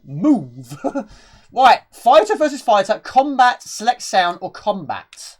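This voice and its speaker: A woman's voice: fairly high pitch, lively intonation, unhurried, a little mellow. A woman live-streaming a retro game, chatting casually and out of breath, rambling and answering chat questions as she plays. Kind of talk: casual gameplay commentary.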